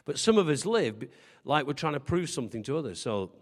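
This pastor's voice sits fairly high and moves a little fast, very animated throughout. His sermon is conversational, full of funny stories that poke fun at himself and questions aimed at the congregation, all carried by long hall reverb.

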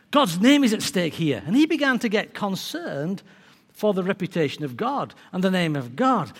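Animated preacher in an echoing hall. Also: male voice, sits high, moderate pace. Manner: animated storytelling, acting out characters. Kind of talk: sermon. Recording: long reverb of a large hall.

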